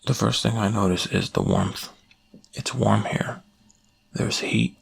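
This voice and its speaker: A man giving a slow, hushed first-person reading of a creepy story in soft-spoken ASMR narration, close to the mic. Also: lowish voice, fairly even intonation, creaky, husky.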